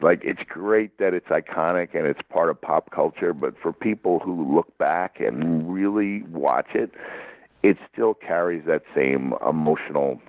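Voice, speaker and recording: A man's voice: extremely low pitch, dry recording. A man telling stories as an interview guest, rambling and laughing often. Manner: rambling storyteller with frequent laughs. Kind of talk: casual interview chat. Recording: tinny phone-like line.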